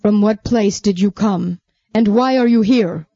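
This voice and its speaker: A woman's voice: mid-range voice, mellow, no room sound, highs cut off. A woman doing a stern, accusing ruler. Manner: slow, harsh, accusing.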